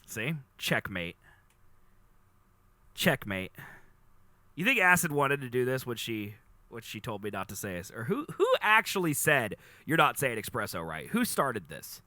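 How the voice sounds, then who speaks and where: Animated, bright-voiced male streamer. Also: mid-range voice, measured pace, long pauses, dry recording. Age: 30s. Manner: rambling, playful, animated. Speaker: live streamer. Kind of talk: casual chat to live chat.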